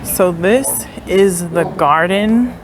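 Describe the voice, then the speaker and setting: Speaking very slowly in a lowish voice over background noise, a young woman talks casually to her viewers as she tours a historic house. This travel vlog narration, set outdoors and in the tourist building, is chatty and full of "like" and uncertain asides.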